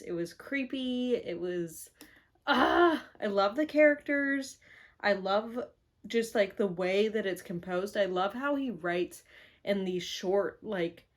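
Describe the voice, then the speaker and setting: A woman vlogging from her home office in a rambling, casual chat full of fillers, playful and self-mocking. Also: mid-range voice. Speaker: book vlogger.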